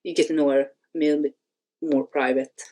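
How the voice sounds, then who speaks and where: A woman's voice: deep voice, steady tone, a little fast, mellow. A woman hosting a screenwriting channel, reading and analyzing a screenplay in a hesitant way, with many fillers and restarts.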